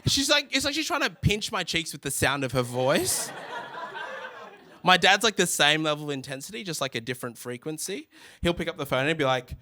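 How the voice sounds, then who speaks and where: A young man in his twenties doing stand-up comedy, telling stories in a conversational way with quick asides. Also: on the high side, expressive, sharp tone. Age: 20s. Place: living room.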